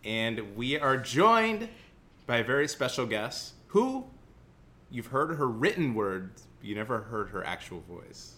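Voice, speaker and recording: Rambling, animated man from Central Illinois. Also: mid-range voice, unhurried. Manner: rambling, self-mocking, laughs often. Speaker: podcast co-host. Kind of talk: casual chat. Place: indoor room, guest seated across.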